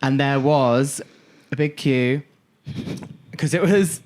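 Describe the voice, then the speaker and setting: A man co-hosting a podcast, telling anecdotes in a lively, chatty way and acting out other people's lines. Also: mid-range voice, slow pace. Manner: animated storyteller, acts out lines in quotes. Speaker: podcast co-host. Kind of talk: casual chat.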